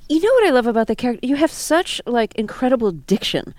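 A woman's voice: fairly high pitch, very animated, fast, darkish tone, a little hiss or hum. A woman hosting a radio interview program, asking curious questions and laughing readily.

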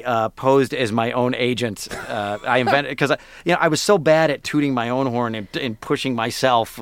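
A man's voice: medium pitch, clear, resonant tone, dry recording. A man, a voice actor, chatting in a radio interview in a self-deprecating way with fillers and laughs. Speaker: voice actor guest.

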